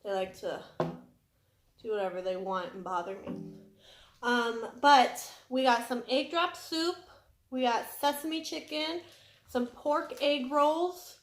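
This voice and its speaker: A woman's voice: sits high, slow, reverberant, soft background music. A young woman vlogger chatting casually and apologetically while eating on camera. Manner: chatty and apologetic, talking between bites. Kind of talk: casual eating vlog chat. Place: home room indoors.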